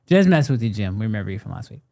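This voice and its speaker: A man's voice: lowish voice, sing-song, racing, creaky, dark tone. Playful man hosting a livestream. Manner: playful, laughing, reads chat aloud. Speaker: podcast host. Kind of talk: casual livestream banter.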